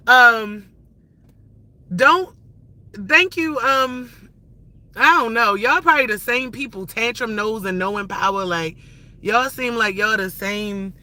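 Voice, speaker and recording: A woman's voice: fairly high pitch, pushed and bright, rough recording. A woman in her thirties on a live stream, cursing and ranting heatedly at viewers while she drives. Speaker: livestreamer. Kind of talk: angry live-stream rant. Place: inside a car while driving. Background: faint car noise.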